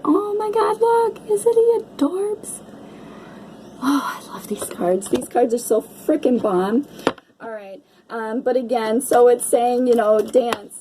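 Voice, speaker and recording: Mellow-voiced woman gushing over oracle cards. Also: a little high, gravelly, slight background noise, poor audio. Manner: gushing, chatty, peppered with "right?" and mild swearing. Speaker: oracle card reader. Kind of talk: casual card-reading chat to viewers.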